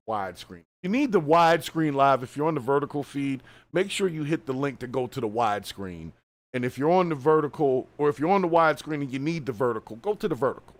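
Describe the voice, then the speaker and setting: A man hosting a live stream, reacting to a video with casual, animated, colloquial commentary. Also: mid-range voice. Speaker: host.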